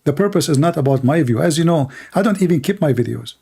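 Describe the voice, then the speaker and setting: A man hosting a livestream, preaching in short emphatic phrases, his voice worn and going hoarse. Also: on the high side, animated, fast talker, hardly any pauses, warm tone. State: losing his voice. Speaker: livestream host. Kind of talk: impassioned preaching monologue.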